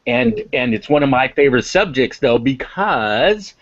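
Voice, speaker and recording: A man's voice: medium pitch, sing-song, a little slow, a bit bright, no echo, dull audio. A man speaking as an interview guest on emotional intelligence, impassioned and emphatic, repeating words for stress. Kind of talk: interview talk.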